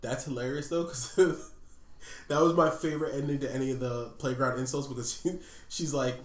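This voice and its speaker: A man co-hosting a podcast in casual chat, swearing freely and laughing loudly. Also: mid-range voice, fairly even intonation, moderate pace. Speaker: podcast co-host. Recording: roomy echo.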